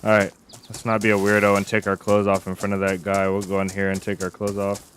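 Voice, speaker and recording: A man's voice: on the low side, fairly quick, a little hiss or hum. A man streaming a survival game, chatting casually and rambling with his viewers. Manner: relaxed, rambling, chats with viewers. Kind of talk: casual live-stream commentary.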